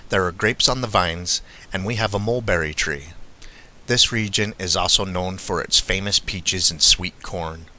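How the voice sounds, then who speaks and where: A man reading a first-person witness account aloud in a steady, measured way. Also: low-pitched. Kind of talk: scripted first-person narration.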